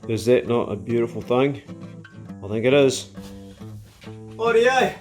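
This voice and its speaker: A middle-aged man chatting casually on his farm and talking to his dogs in a relaxed way. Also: medium pitch, normal speed, soft background music. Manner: laid-back, talks to his dogs. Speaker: vlogger. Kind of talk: casual chat. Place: farmhouse.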